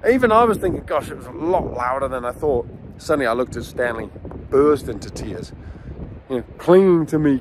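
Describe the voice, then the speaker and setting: A middle-aged man, a dog trainer, teaching outdoors near a beach in a casual, animated storytelling way. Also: a little high, a little hiss or hum. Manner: animated storyteller, acts out scenes. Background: faint outdoor ambience with waves.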